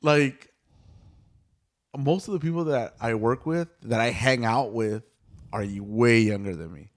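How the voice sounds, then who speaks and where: A middle-aged man co-hosting a podcast, telling stories in casual chat, loud and animated at times. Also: medium pitch, measured pace. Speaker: podcast co-host.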